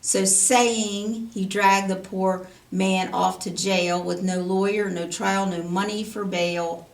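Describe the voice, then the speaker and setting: A woman's voice: mid-range voice, fairly even intonation, slow pace. A woman teaching Sunday school, reading a rhyming children's story aloud in a sing-song cadence. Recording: roomy, from a distance.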